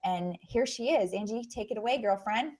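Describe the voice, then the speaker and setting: Woman host, casual video-call intro, chatty and enthusiastic, average pitch. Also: moderate pace, darkish tone. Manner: chatty and upbeat, many fillers.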